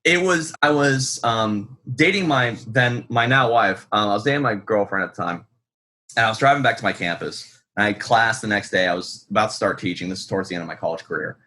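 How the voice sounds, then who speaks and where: An American man with a lowish, bright, forceful voice speaks briskly as a guest author in an interview. His casual storytelling is rambling, profane, and self-deprecating, full of ums.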